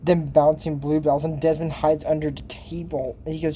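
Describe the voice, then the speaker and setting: A man talks his way through a cartoon recap in a loose, rambling way, trailing off into asides. His voice is mellow and warm, and a faint hiss sits under the recording. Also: fairly high pitch, normal speed. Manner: rambling, chatty, full of asides and fillers. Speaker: video host recapping a cartoon episode. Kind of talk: casual commentary.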